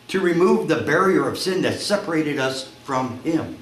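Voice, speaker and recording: A male pastor preaching a sermon, telling a story and acting out its voices, climbing to shouts at the high points. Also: brisk. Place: church sanctuary. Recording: echoey church room, faint noise.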